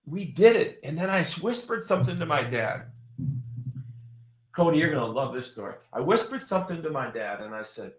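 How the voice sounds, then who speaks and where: A man in his sixties with a high voice tells a story as a show host, repeating phrases for emphasis. He breaks into loud, excited exclamations. The sound carries a roomy echo. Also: moderate pace. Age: 60s. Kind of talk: motivational storytelling talk.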